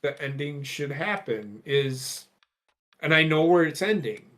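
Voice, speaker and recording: A man's voice: fairly high pitch, animated, unhurried, fairly bright tone. A man co-hosting a casual podcast, blunt and opinionated, swearing as he makes his point. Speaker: podcast co-host. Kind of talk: casual chat.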